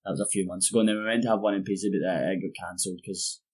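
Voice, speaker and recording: A man's voice: low-pitched, fairly even intonation, very fast. A Scottish man chatting casually as a podcast guest, telling stories in a loose, sweary way full of "like" and "mate". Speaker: guest musician. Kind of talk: casual chat over beers.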